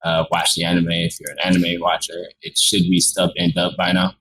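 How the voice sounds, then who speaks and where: Deep-voiced laid-back young man, faint hiss. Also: monotone, fairly quick, a bit bright, low-quality recording. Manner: laid-back, says "bro" and "my guys". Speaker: podcast co-host. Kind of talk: casual chat.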